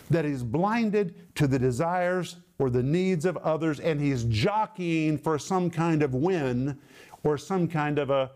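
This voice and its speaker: A man preaching a sermon, emphatic, reading long lists of words in a slow, measured cadence. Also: a little high, a little mellow.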